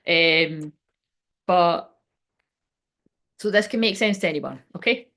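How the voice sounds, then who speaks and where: A woman's voice: fairly low pitch, takes it slowly, a bit bright. Chatty woman doing tarot. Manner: rambling, chatty, swears casually. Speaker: tarot reader. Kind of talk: casual tarot reading to camera. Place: indoors at home by a window.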